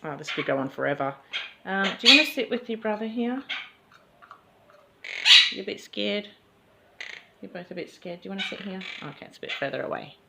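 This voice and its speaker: A woman's voice: mid-range voice, expressive, brisk, creaky, pauses often. A woman filming a casual home vlog, chatting and cooing baby talk to her pet birds. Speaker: pet bird owner vlogger. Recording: loud background noise, clicks.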